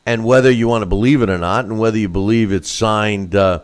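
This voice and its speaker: Low voiced new guy rambling on a boxing show, lots of uh and restarts. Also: fairly even intonation. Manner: rambling, halting, many fillers and restarts. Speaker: boxing podcast co-host. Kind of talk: casual chat.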